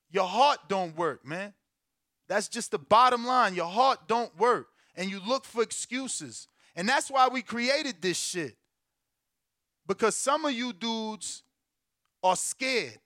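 A man in his forties with a high, bright, smooth voice, recorded dry and close. He hosts a casual call with fighters, brash and profane, and lectures them. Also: no room sound. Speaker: event promoter hosting a call.

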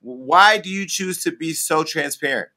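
A man's voice: a little high, unhurried, pushed and bright. A man hosting a casual interview, asking long, rambling questions with many fillers. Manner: rambling, chatty, hesitant questions. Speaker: host.

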